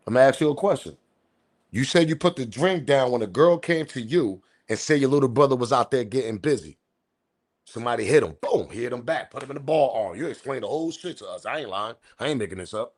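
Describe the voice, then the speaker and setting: A man's voice: mid-range voice, animated, fast talker, a little mellow. A man hosting a live-stream commentary show, talking in incredulous, argumentative street slang. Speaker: commentary channel host.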